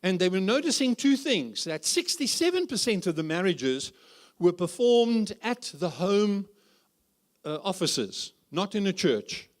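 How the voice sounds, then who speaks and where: Animated high-voiced male preacher. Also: a little slow. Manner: animated, humorous, asks rhetorical questions. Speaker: guest preacher. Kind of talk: conference sermon. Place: church conference hall.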